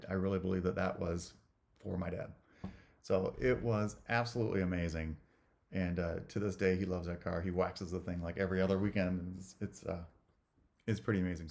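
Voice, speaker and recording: Middle-aged male vlogger, low voice, excited storytelling to camera. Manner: excited, animated retelling with fillers.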